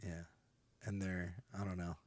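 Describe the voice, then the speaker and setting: A man who is a guest on a podcast, chatting casually in a relaxed, hesitant way that trails off into quiet. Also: low voice, measured pace, no room sound. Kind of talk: casual chat.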